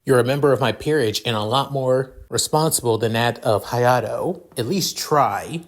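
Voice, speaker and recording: Man doing a composed young woman, formal, measured, council president, fan storybook reading. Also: medium pitch, lightly acted.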